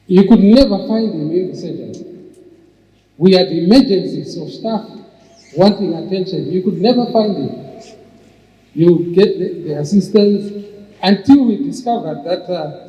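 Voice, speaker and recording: An older entrepreneur gives a storytelling talk, spinning long anecdotes for an audience and frequently restarting. He speaks in a high-pitched voice with a dark tone, and the sound is muffled, echoing around a hall.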